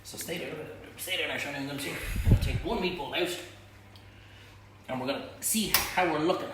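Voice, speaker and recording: Male cook-along host, cheeky and blunt, a little high, recorded in a ringing kitchen. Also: brisk. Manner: chatty, blunt, banters with viewers. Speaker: cooking show host. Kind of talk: live cook-along demonstration. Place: home kitchen. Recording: echoey kitchen, faint hum.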